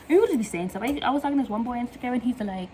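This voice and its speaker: A woman's voice: on the high side, lively intonation, racing, mellow, slight background noise, rough recording. A young woman chatting casually in a vlog, rambling from one tangent to the next in slangy speech and laughing often, recorded on her phone at home. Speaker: vlogger.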